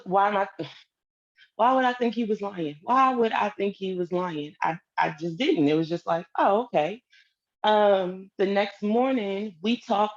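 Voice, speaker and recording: A woman's voice: medium pitch, dull audio. A woman telling a personal story in a casual way, acting out the lines of the people in it. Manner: animated, acts out quoted dialogue.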